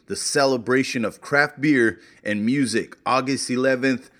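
A man's voice: mid-range voice, a little slow, fairly bright tone. Laid-back male podcast host. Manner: laid-back, plugs sponsors and events. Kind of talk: casual podcast intro and shout-outs. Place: beer hall.

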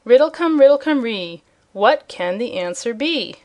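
A woman's voice: a little high, expressive, a little slow, darkish tone. A woman voicing a jolly, kindly old male sailor who talks in a rustic dialect with dropped letters, read as an audiobook character. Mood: musing.

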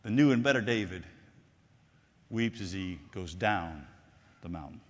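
A man preaching a sermon, swinging between loud declarations and hushed, drawn-out phrases and repeating his lines for effect. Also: sits low, animated. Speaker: pastor. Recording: long hall reverb.

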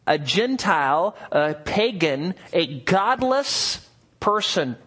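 A man's voice: high voice, big pitch swings, takes it slowly, a bit bright. A pastor preaching an expository sermon, earnest and emphatic, asking his listeners rhetorical questions.

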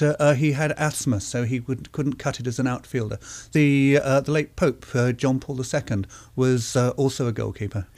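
A man from Britain presenting a reflective radio essay, musing aloud and pausing often with fillers. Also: mid-range voice, darkish tone. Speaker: presenter and writer.

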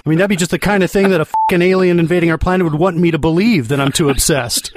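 A man telling absurd comic stories on a podcast, rambling and excitable, often laughing at his own tale. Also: fairly high pitch, fast talker, a little hiss or hum. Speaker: comedy podcast regular.

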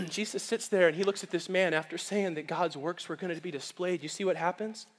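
A man preaching as pastor, telling a story with lively acted-out voices. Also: high-pitched, fairly quick, long reverb tail. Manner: animated storytelling, acts out quoted voices. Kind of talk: storytelling sermon. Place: church sanctuary.

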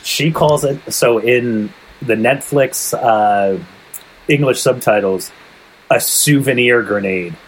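A man's voice: mid-range voice, slow pace, breathy edge, poor audio. A man co-hosting a casual anime discussion podcast, laid-back and jokey, laughing easily. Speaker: podcast co-host.

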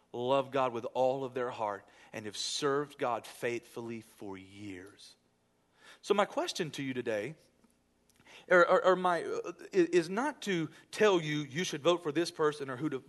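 A man preaching a sermon in church, leading a hushed prayer and telling a family story with lively quoted voices. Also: fairly high pitch. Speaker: pastor.

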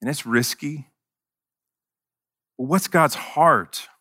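Man, pastor, conversational sermon delivery, earnest and bright, dry close mic. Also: a little high, slow pace, no echo. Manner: earnest, conversational, self-deprecating humor.

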